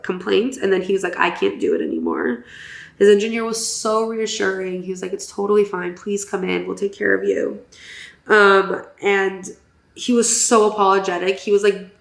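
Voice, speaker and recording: A young woman co-hosting a podcast, giving a casual, animated race recap full of fillers. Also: mid-range voice, gravelly, echoey room. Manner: chatty, filler-heavy, animated. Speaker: podcast co-host.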